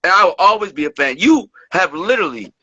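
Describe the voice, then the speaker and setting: A man's voice: sits high, big pitch swings, fast, pushed and bright, no room sound, lo-fi sound. A man interviewing a hockey player in casual chat, enthusiastic like a fan.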